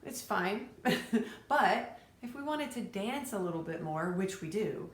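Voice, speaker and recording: A woman's voice: medium pitch, expressive, a little slow. A woman teaching fiddle to her students in a casual, encouraging way, counting beats and naming bow strokes aloud. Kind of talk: casual instructional talk to students. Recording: echoey room, faint background noise.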